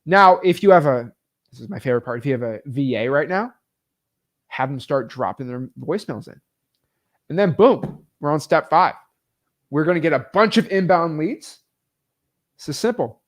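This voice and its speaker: Man, higher-pitched, casual coaching talk, energetic, lots of fillers. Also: moderate pace, long pauses. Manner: energetic, filler-heavy, chatty. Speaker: real estate wholesaling coach.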